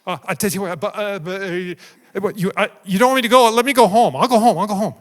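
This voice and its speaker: A man's voice: sits high, brisk, sharp tone, pitched above the performer's own voice. A man doing a stammering, panicked prophet. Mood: flustered. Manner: stammering, pleading. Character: flustered frightened man, backpedaling prophet. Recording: long reverb in a large hall.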